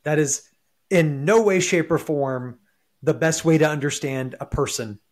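A man's voice: fairly high pitch, unhurried. A man hosting a podcast, reacting with enthusiasm and then explaining his organization's view. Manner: enthusiastic, affirming. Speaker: podcast host. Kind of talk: casual podcast chat.

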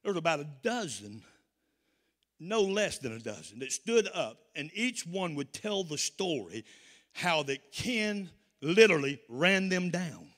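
A man from the American South with a Southern accent, preaching a sermon with call-and-response and rising to shouts. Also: fairly high pitch, sing-song, a little slow, big-room sound.

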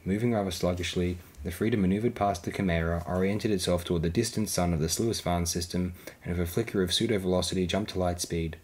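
A man reading a science fiction novel aloud in a steady, measured narration. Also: sits low, poor audio. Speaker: audiobook reader. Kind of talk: fan audiobook narration.

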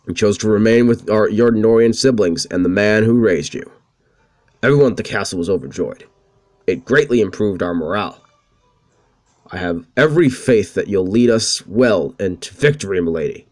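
A man voicing a scheming, burly male axe-wielding soldier, reading the game dialogue aloud in a slow, flat way. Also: lowish voice, dry recording, clean studio sound, lightly acted. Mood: smug.

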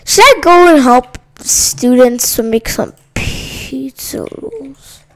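A woman's voice: high-pitched, sing-song, slow pace. A female gamer talking through a silly role-play game in a playful, goofy way. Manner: playful, goofy, jumps between put-on voices.

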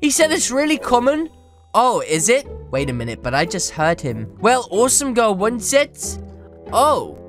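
High-voiced teasing gaming YouTuber woman. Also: soft background music. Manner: animated, teasing, quick switches between narration and banter. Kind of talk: playful game commentary with role-play.

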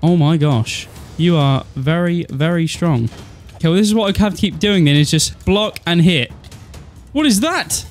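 A man giving excitable, nervous let's-play commentary, exclaiming and talking to himself as he plays. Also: fairly high pitch, moderate pace, faint music behind. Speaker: gaming YouTuber.

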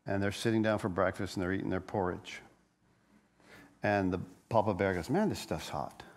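A man preaching a sermon as a pastor, telling a story with lively energy and frequent stammered restarts. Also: sits low, moderate pace.

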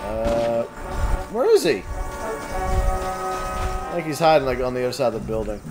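A man hosting a casual gameplay commentary, cursing and yelling at the game. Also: mid-range voice, sing-song, moderate pace, loud music behind the voice. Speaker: gaming let's-play host.

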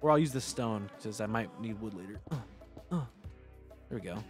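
A man chatting casually on a gaming livestream, excitable, laughing often, swearing and breaking into sudden yelps. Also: lowish voice, brisk, music in the background. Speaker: streamer.

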